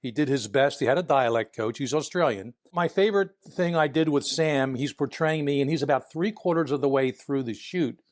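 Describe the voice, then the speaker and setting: A retired FBI agent in his sixties from Philadelphia, with a Philadelphia accent, appears as a guest in a casual interview. He's chatty, telling stories, chuckling as he talks and acting out other people's lines. His mid-range voice is brisk with hardly any pauses, recorded in studio quality with no room sound.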